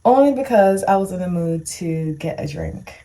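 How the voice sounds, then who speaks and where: A woman's voice: lowish voice, animated, moderate pace, mellow. A young woman telling a story on her vlog in a chatty, emphatic and sassy way. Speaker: vlogger.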